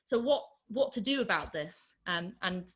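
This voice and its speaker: A woman's voice: mid-range voice, animated, normal speed, a bit bright. A woman lecturing on a novel, talking in a discursive way with many ums and you-knows. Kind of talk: literature lecture with read-aloud quotes. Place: online talk.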